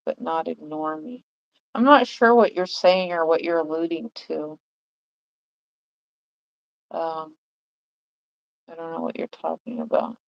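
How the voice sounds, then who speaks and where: A woman's voice: sits low, creaky, highs cut off. Rambling, chatty woman livestreamer. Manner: rambling, chatty, many fillers. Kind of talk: casual livestream chat.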